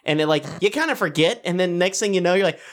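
A man's voice: high-pitched, fast, fairly bright tone. A man joking around in casual, crude banter among friends. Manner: joking, crude, playful tangents. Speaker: podcast co-host. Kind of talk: casual chat.

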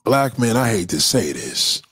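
A man's voice: on the low side, sing-song, unhurried, fairly bright tone, husky, dry recording. A man giving blunt, profane opinions in a casual, emphatic rant, often repeating himself. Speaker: commentator.

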